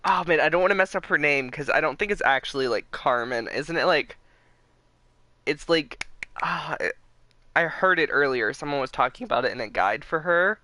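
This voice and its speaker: A young man streaming a game, rambling excitedly with lots of fillers in casual commentary. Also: a little high, normal speed.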